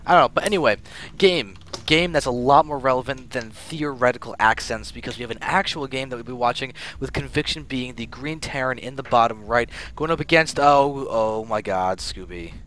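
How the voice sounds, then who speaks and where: A young man, casting a live video game match for his stream. He talks casually and gets suddenly loud and excited when the action turns. Faint noise hums behind him. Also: mid-range voice, a little fast, few pauses. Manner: excitable, bursts louder at big moments. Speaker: esports caster and stream host.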